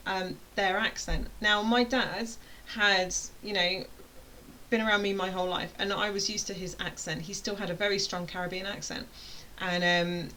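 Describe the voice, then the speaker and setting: A woman's voice: medium pitch, sharp tone, rough recording. British woman, online course tutor; rambling, playful, self-interrupting delivery with faint hiss behind her. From United Kingdom. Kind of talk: casual chatty explainer.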